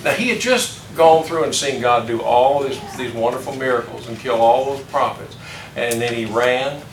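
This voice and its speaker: An older man leads a folksy Bible class, chuckling as he asks his listeners questions. His voice sits in the middle range and sounds far from the mic. The room echoes, with steady background noise. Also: mid-range voice, normal speed. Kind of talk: informal Bible class lesson. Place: classroom or church meeting room. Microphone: distant room mic.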